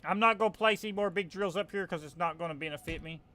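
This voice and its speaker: Man, Southern accent, high pitch, casual game commentary, frustrated rambling. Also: fast talker, sharp tone. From American South. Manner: frustrated, rambling, self-correcting. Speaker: gaming channel host.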